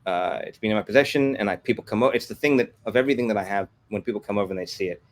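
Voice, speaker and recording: A man, a guest on an interview podcast, telling lively anecdotes and acting out the quotes. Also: on the low side. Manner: fast, animated anecdotes with acted-out quotes. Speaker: guest, comics company executive. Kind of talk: casual interview storytelling.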